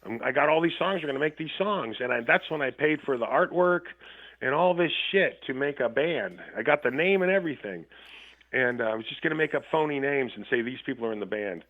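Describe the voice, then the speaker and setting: A man on a tinny, narrow phone line, his voice sitting a little high. He rambles through stories casually, cursing freely and laughing as he talks. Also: lively intonation, a little fast. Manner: rambling, profane, laughs often. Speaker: guest musician. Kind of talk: casual storytelling chat. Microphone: phone call.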